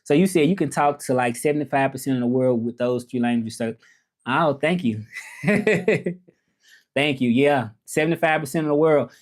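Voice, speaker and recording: A man's voice: mid-range voice, brisk. A man in his thirties with a Southern American accent, chatting casually on a livestream as he answers viewers' comments, talking in a loose, repetitive way. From Southern United States. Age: 30s. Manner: loose, repetitive, conversational, keeps saying "you know what I'm saying". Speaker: livestream host.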